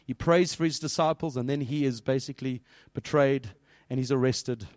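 A man giving a lively children's sermon, asking the listeners questions and quoting scripture. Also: medium pitch, normal speed, no echo, clean studio sound. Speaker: pastor.

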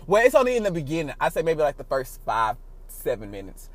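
A man hosting his own podcast, talking casually in a rambling, profane way with big swings in loudness. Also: high-pitched, normal speed. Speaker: podcast host. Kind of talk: casual solo podcast monologue.

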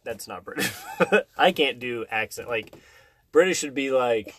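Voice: mid-range voice, animated, measured pace, fairly bright tone, breathy edge, dry recording. An adult hosting a casual podcast with a child, teasing her with dry, amused remarks in a very small room. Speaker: podcast host.

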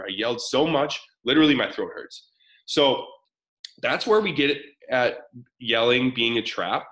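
A man's voice: mid-range voice, moderate pace, a bit bright, low-quality recording. A man in his thirties presenting a live parenting webinar, talking casually and energetically while answering chat comments.

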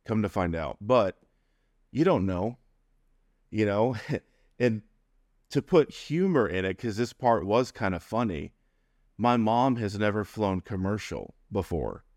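A man's voice: lowish voice, animated, slow, long pauses, darkish tone, no echo, studio quality. A middle-aged man telling a personal story in a conversational, humorous way, laughing between phrases. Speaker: interview guest.

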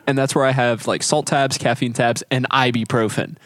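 A man with a middle-range voice co-hosts a casual podcast, speaking in a measured, cautious way and chuckling now and then. The recording is dry and close to the mic. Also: medium pitch, steady tone, fairly bright tone, dry recording. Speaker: podcast co-host. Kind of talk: casual chat.

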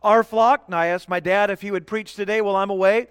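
A middle-aged man preaching a sermon as guest pastor, emphatic, slowing down to stress key words and questioning the congregation. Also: high-pitched, steady tone, a bit bright, smooth, no room sound, studio quality, long reverb tail. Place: church sanctuary.

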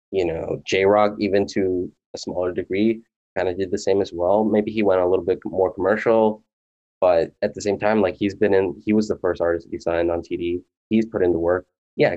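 Low-voiced man chatting casually. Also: dark tone, lo-fi sound. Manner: rambling, earnest, many fillers. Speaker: podcast co-host. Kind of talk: casual chat.

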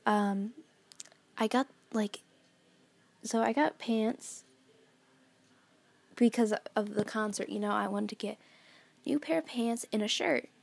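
Lying on her bed at home, a teen girl rambles through a solo podcast chat, full of fillers and giggles. She speaks slowly on the high side, with vocal fry, frequent pauses, and a mellow sound.

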